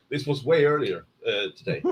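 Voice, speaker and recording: A man's voice: fairly high pitch, muffled recording. Chatty laughing man hosting a stream. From United Kingdom. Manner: laughs often, lively banter. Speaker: livestream host. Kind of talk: casual chat, reading out chat.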